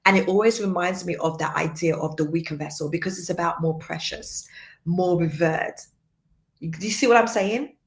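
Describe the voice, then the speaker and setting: Soft-spoken woman teaching in a roomy echo. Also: on the low side, moderate pace. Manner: soft-spoken, earnest and repetitive for emphasis. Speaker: faith and femininity teacher. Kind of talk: livestream teaching.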